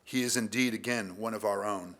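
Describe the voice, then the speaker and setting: A man's voice: on the low side, a little fast, fairly bright tone. A man voicing an old Southern farmer father with a Southern US accent, speaking in a fond, drawling way as he welcomes his son home.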